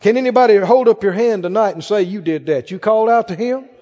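In a large church hall, with dull audio, a man preaches a sermon to a congregation in a fast, high-pitched voice with a dark tone. He reads scripture aloud with rising, fervent emphasis and poses questions to the crowd.

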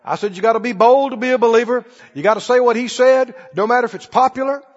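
High, lively preacher in an echoing hall. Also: male voice, fast talker. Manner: emphatic, rising to loud declarations. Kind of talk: sermon. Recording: dull recording in a large reverberant hall.

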